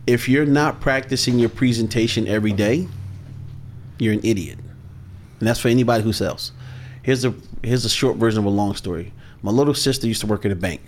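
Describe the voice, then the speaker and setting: A man talking as a sales coach guest in a podcast interview, measured, deliberate and authoritative. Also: medium pitch, a little hiss or hum.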